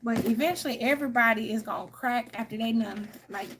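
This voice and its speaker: A woman in her thirties talks straight to her audience in a loose, venting chat. Her voice sits a little high with a gravelly fry running through it. She speaks frankly and with emphasis, calling her listeners "honey" and "y'all.". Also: fairly quick, fairly bright tone, a little hiss or hum. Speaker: tarot reader reading live chat.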